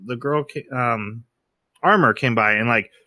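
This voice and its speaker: Recorded without any room sound, this male podcaster speaks a little slowly in a mid-range voice. His recap of the episode is relaxed yet lively, and he performs the characters' lines loudly.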